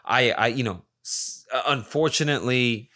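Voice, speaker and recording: A man's voice: medium pitch, moderate pace, sharp tone. A man in his forties telling a rambling personal story in casual talk, swearing freely as he goes. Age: 40s.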